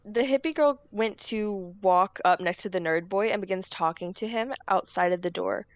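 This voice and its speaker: A woman's voice: medium pitch, moderate pace, no room sound. A woman narrating as game master in a tabletop game, rambling with lots of fillers.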